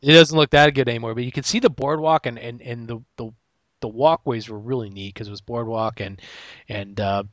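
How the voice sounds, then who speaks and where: A man's voice: medium pitch, fairly even intonation, brisk, a bit bright, no room sound, highs cut off. Dry-sounding man hosting a casual chat. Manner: rambling, with many restarts and laughs. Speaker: podcast host.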